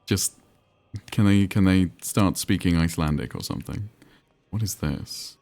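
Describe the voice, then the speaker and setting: A man's voice: deep voice, normal speed, darkish tone. A man streaming a game, chatting and rambling while reading chat aloud. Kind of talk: casual live-stream commentary.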